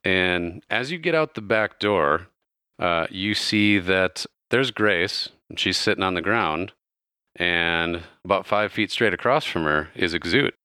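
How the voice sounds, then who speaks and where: A man's voice: low-pitched, animated, a little slow, sharp tone, clear, resonant tone, no room sound, studio quality. A man narrating a tabletop game as game master in a casual, loose way, with plenty of fillers.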